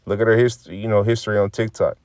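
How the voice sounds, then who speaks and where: A man with a fairly low voice gives casual religious commentary, reading scripture and riffing on it in a preachy, profane way. He repeats phrases and acts out quoted remarks. The recording is dry and close. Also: steady tone, fast talker, a little mellow, no echo.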